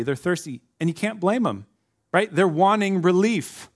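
A man's voice: high voice, lively intonation, moderate pace. A man preaching a sermon in a conversational way, acting out the voices of the people he quotes. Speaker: pastor.

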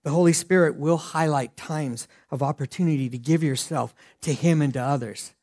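A middle-aged male pastor preaching a sermon earnestly, swinging from loud emphasis to hushed lines. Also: a little high, moderate pace.

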